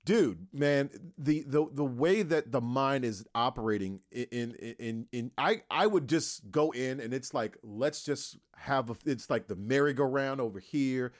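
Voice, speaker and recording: A man's voice: medium pitch, lively intonation, a little slow, few pauses, no echo, studio quality. A middle-aged man hosting a podcast interview, rambling and acting out little scenes as he talks. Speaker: podcast host. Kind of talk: casual interview chat.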